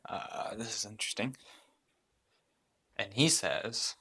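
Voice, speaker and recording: A man's voice: lowish voice, steady tone, unhurried, pauses often, pushed and bright, husky. A man narrating a story game as game master, rambling, with many fillers and restarts.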